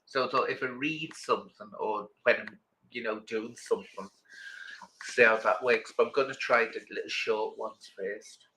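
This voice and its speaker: Chatty man, middle-aged, bright voice, rambling livestream host. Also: lowish voice, normal speed, a little hiss or hum, poor audio. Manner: chatty, rambling, greets viewers warmly. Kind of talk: casual chat with viewers.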